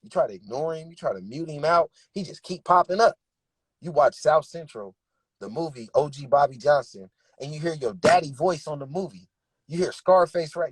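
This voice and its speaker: Husky-voiced rapper, emphatic and candid. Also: male voice, fairly high pitch, moderate pace, no room sound. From Bay Area, California. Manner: emphatic, streetwise, heartfelt storytelling. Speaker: rapper and interview guest. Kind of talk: candid interview talk.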